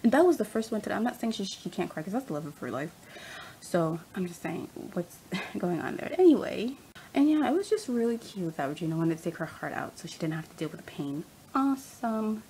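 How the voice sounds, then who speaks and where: A young woman ranting casually as a fan vlogger, animated and rambling, laughing often. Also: medium pitch, a little fast, slight background noise, low-quality recording. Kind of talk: casual rant.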